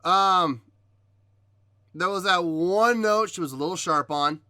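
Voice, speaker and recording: A man hosting a reaction video, giving measured critique in casual talk, often pausing with ums and restarting his sentences. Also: high-pitched, sharp tone, clear, resonant tone, no room sound, studio quality. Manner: hesitant, many ums and restarts. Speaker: reaction video host reviewing a singer. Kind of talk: casual spoken commentary.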